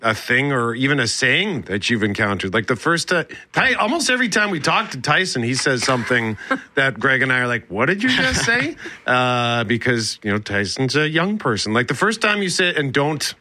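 A man co-hosting a casual radio show, chatty and quick to laugh. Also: medium pitch, very animated, sharp tone. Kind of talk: casual morning radio chat.

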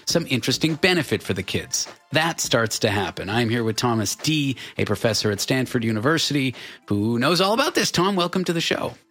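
A man's voice: medium pitch, very animated, a little fast, a bit bright, husky. A man hosting an interview, asking curious questions with a light touch of sarcasm. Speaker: host. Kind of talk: conversational interview.

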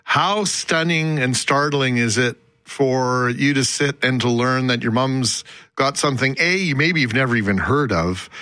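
Man hosting, bright dry studio voice. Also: mid-range voice, measured pace, no echo. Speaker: show host. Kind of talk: TV interview hosting.

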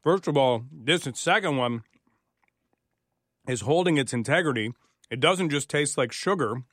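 A man hosting a talk radio show, casual and friendly. His voice sits a little high. The studio sound is dry and close. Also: lively intonation, a little slow, fairly bright tone, no room sound. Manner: friendly, reacts with short interjections. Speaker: radio host. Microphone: studio microphone.

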